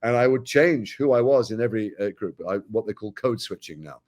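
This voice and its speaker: A man from Britain, talking frankly and wryly as an actor guest in an interview. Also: lowish voice. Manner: animated, wry, frank, quick-talking. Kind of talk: candid interview conversation.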